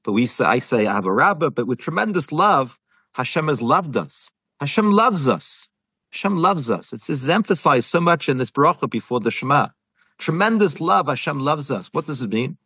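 Earnest man teaching Torah, husky voice. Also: mid-range voice, lively intonation, brisk, pushed and bright, no room sound. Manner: earnest, repeats and rephrases, mixes Hebrew terms. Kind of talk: explaining a Jewish text to a listener.

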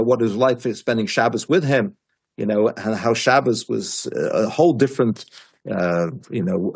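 Man teaching a Torah class, husky voice, animated storyteller who restarts a lot. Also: mid-range voice. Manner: animated storyteller, many restarts, quotes his teacher emphatically.

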